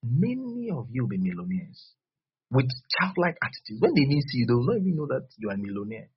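A man preaching a sermon as pastor, repeating phrases and swinging between loud bursts and soft drops. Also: medium pitch, big pitch swings, fast. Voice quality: husky. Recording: dull lo-fi recording.

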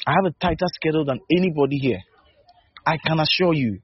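A man's voice: fairly high pitch, quick pace, dry recording. A man preaching a sermon as a pastor, repeating short exhortations and asking his listeners if they are listening. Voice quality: husky. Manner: repetitive, emphatic exhortation with rhetorical questions. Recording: dull lo-fi recording.

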